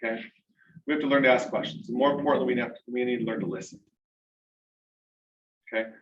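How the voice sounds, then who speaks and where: A man's voice: mid-range voice, quick pace. A man speaking to a small group in a meeting room, telling a story casually and animatedly, often checking in with "right?" and "okay?". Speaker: mastermind speaker. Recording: roomy, distant, dull-sounding room recording.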